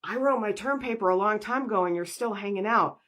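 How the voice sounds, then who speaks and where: A woman voicing a gentle, eager-to-help protective energy being, earnest and apologetic. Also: medium pitch, fairly quick, lightly acted.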